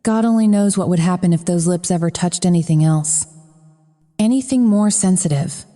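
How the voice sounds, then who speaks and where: A woman's voice: fairly low pitch, moderate pace, warm tone. A woman narrating a first-person romance audiobook in a frank, profane manner. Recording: long reverb.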